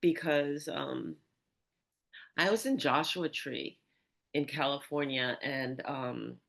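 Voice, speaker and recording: Podcast host, chatty animated storyteller, middle pitch. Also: slow, creaky. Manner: animated storyteller, many restarts and asides. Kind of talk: storytelling in casual conversation.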